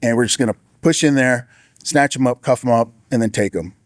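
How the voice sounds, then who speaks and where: A man shares a personal testimony in a plain, middle-pitched voice, telling it casually with frequent restarts. He bumps his pitch up when he quotes others. The sound is dry and close, with little room echo. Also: fairly quick. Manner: earnest, casual storytelling with many restarts. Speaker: former sheriff's deputy sharing testimony.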